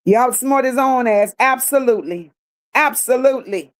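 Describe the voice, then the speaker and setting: A woman's voice: high-pitched, normal speed. A woman hosting a livestream, reading viewer comments aloud and answering them bluntly, with sassy repeated phrases. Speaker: livestream host.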